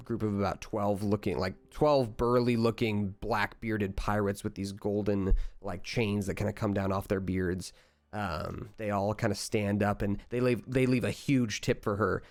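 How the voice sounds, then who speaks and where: A man's voice: lowish voice, little pitch movement, measured pace, a little mellow, dry recording. Man running a tabletop game. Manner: loose, filler-heavy narration. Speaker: game master.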